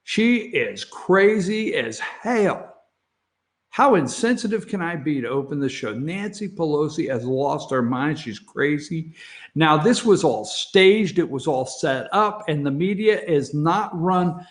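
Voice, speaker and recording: A man's voice: on the high side, expressive, a little slow. A man hosting an opinionated morning talk show from an office, blunt and sarcastic, chuckling between self-mocking asides to the camera. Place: office studio. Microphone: facing a camera.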